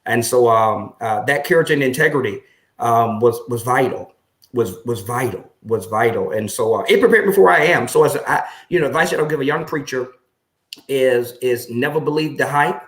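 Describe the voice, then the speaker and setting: A man who is a pastor, telling his story in an interview in an earnest, reflective way that grows lively when he recounts conversations. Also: mid-range voice, moderate pace. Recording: echoey room.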